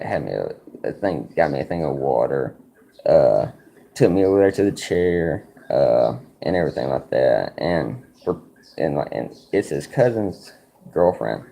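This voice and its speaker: A very deep, gravelly man spins a loose, rambling story between moves of a card game. His swearing is casual and his delivery swoops up and down, with a dark, mellow tone. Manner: rambling, profane, full of likes and you-knows. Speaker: streamer.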